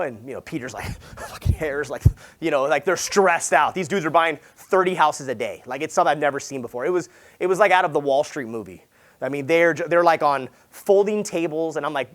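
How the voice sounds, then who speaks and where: A real estate agent with a fairly high voice gives a motivational talk at a sales summit, speaking fairly quickly. He tells stories in a casual, slangy way, acting out conversations in quoted voices, swearing and calling people "dude," all with animated energy.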